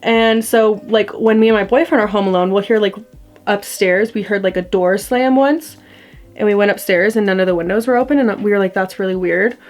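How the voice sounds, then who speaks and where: A young adult woman vlogger tells a ghost story into her camera mic, chatty and rambling with heavy use of "like" and other fillers. Her mid-range voice moves fairly quickly over faint background music.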